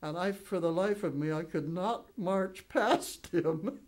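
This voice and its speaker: A woman's voice: fairly low pitch, normal speed. Elderly woman chuckling through war stories. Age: 90s. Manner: chuckles often while telling lively anecdotes; rambling with frequent restarts and fillers. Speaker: WWII veteran interviewee. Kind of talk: oral history storytelling.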